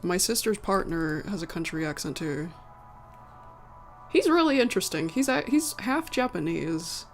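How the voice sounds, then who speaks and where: A woman's voice: lowish voice, expressive, normal speed. A woman with a slight American country accent, chatting casually to a live-stream audience, rambling and correcting herself as she goes. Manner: rambling, self-correcting, chuckling. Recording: faint background music.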